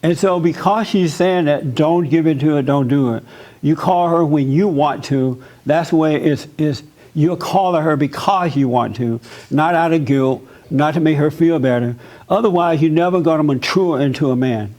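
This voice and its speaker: A man's voice: on the high side, moderate pace, darkish tone. A man hosting a church talk as pastor, blunt and joking, often laughing as he gives advice. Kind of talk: casual church counseling chat.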